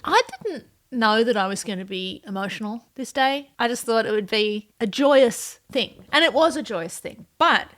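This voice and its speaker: Chatty woman vlogger, slightly high voice. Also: expressive, normal speed, hardly any pauses. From non-US, immigrant to the USA. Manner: chatty and playful, with dry asides and whispered jokes. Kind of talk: casual personal vlog narration.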